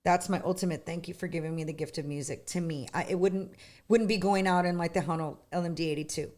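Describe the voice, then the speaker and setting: A middle-aged woman, a singer, chatting as an interview guest with lots of restarts and lively retelling. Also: lowish voice, fast talker. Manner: chatty, animated storytelling with many restarts. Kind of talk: casual interview chat.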